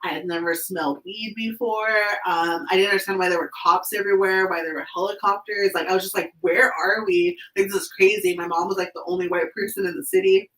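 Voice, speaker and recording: A woman's voice: lowish voice, fairly even intonation, fast talker, few pauses. A woman from California hosting a casual skate chat, upbeat and full of "like". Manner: chatty, upbeat, says "like" constantly. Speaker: skate channel host. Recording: roomy sound, distant from the mic.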